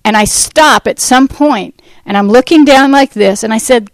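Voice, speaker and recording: A woman giving a personal faith testimony to a church audience, telling her story in a rambling, animated way and acting out what people said. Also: fairly high pitch, moderate pace, no echo, rough recording. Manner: animated storytelling that acts out quoted speech; rambling, with fillers and restarts. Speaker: Christian ministry speaker.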